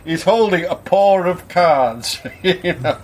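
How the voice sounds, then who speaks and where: A man's voice: high voice, lively intonation, slow, a little hiss or hum. A man telling a joke to family in a jovial way, stumbling and correcting himself. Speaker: joke teller.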